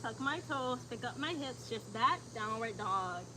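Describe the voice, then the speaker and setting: Woman yoga instructor, fairly high voice, calm breath cues, noisy background. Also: measured pace. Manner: calm breath cues, chatty when reading comments.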